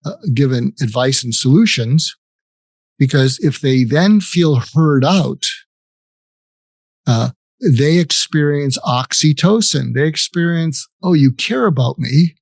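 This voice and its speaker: With no room sound around him, an older man talks in a mid-range, somewhat dark voice. A psychiatrist guest in an interview, he lays out techniques sincerely, performs example exchanges, and keeps restarting his phrasing.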